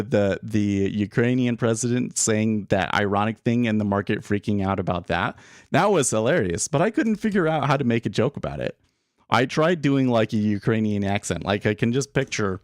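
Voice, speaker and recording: A man with a lowish voice hosts a live day trading stream, giving market commentary. He thinks aloud and rambles in a casual, self-deprecating way. The studio-quality audio has no room sound.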